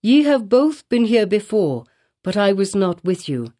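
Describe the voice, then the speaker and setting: A woman's voice: mid-range voice, sing-song, measured pace, warm tone. A woman reading an audiobook, voicing a guilt-ridden male colonial minister who speaks in solemn, archaic formal speech. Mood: grave, tender.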